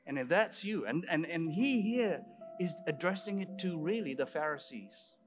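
Emphatic high-voiced man preaching a sermon. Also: expressive, moderate pace, soft background music. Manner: emphatic, with rhetorical asides to the congregation.

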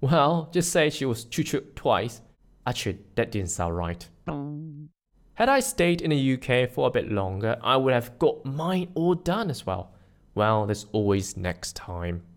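A man's voice: mid-range voice, very animated, a little slow. A man from Malaysia hosting a scripted solo podcast, joking at his own expense and drilling pronunciation. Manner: playful, self-mocking, with pronunciation drills. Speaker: podcast host.

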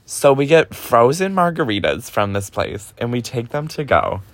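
Young man, casual storytelling, chatty, profane, filler-heavy, medium pitch. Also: sing-song, normal speed, fairly bright tone, dry recording. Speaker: podcast host.

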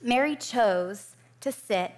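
A woman's voice: fairly high pitch, takes it slowly. A woman preaching a sermon in a conversational way, with light self-deprecating asides.

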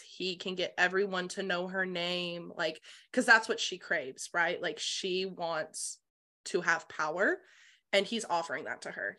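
A woman chats through a book's plot with a bright, forceful tone, in the middle of the pitch range. She retells scenes animatedly, swears freely and leans on "like" as a filler. This is casual podcast book-club talk. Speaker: podcast co-host.

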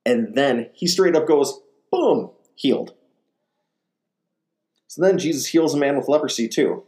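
A man's voice: mid-range voice, moderate pace. A man giving a conversational sermon, retelling gospel stories in a casual way and acting out the quotes. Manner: animated, acts out quotes, casual fillers. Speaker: ministry speaker.

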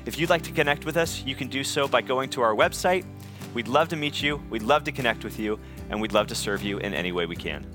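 A man speaks as a pastor in a scripted welcome to online viewers, his voice sitting at a middle pitch. Plucked guitar music plays clearly underneath him throughout. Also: animated, fast talker. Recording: guitar music playing behind the voice. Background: soft guitar music.

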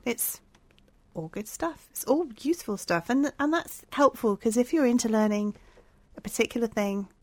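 A woman's voice: fairly high pitch, normal speed, no room sound. Chatty woman co-host. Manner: chatty, upbeat, earnest. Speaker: podcast co-host. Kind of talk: casual chat.

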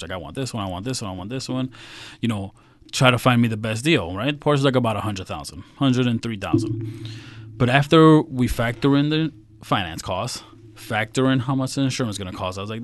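In a dry recording, a man with a lowish voice, a middle-aged financial advisor from Queens, New York, shares stories during a relaxed interview. He's animated and performs the quotes as he goes.

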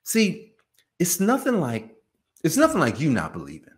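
A man's voice: a little high, normal speed. A man giving an informal, conversational sermon, acting out biblical dialogue in voices. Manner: animated, acts out biblical dialogue in character voices; conversational, many fillers like "you know" and "man". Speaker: preacher.

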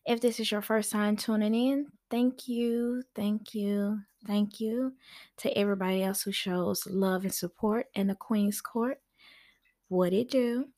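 A woman hosting a podcast from her office, talking casually and reassuringly to her listeners and often laughing as she goes. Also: medium pitch. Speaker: podcast host and parenting coach.

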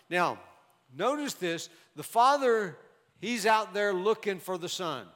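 Male preacher, high voice, measured emphatic sermon delivery, long hall reverb. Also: animated, fairly bright tone. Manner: measured, emphatic Bible exposition.

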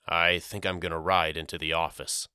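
A man's voice: low voice, unhurried, bright, forceful tone, smooth, no room sound, studio quality, exaggerated voice. A man voicing a middle-aged father who stammers and mutters evasively in a storybook reading. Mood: awkward.

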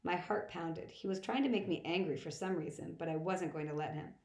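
A woman narrating a novel in the first person with plain, even storytelling, recorded in an echoey room. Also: fairly low pitch, brisk. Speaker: audiobook reader.

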